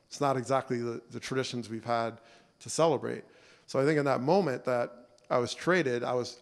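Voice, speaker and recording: A man in his forties giving a relaxed, storytelling keynote at a banquet, talking conversationally and often adding "you know" and "right?". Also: mid-range voice. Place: banquet hall. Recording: long reverb of a banquet hall.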